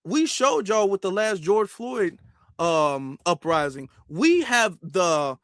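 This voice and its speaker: High-voiced emphatic male streamer. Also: sing-song, slow, fairly bright tone, dry recording, studio quality. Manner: emphatic and repetitive, with rhetorical questions. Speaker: political commentary streamer. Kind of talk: live-stream commentary reading super chats.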